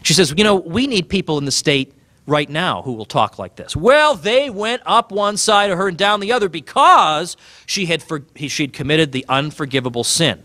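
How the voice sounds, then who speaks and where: A man giving a public talk about his book, animated and sardonic, pressing his points with emphasis. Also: a little high, normal speed, dry recording. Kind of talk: public speech.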